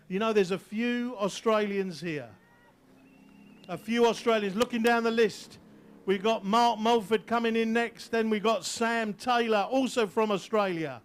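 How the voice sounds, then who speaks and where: A man's voice: high-pitched, steady tone, normal speed, smooth. An English man announcing live at an outdoor barefoot water ski event, teasing the crowd between jumps. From England. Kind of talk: live sports commentary over a PA.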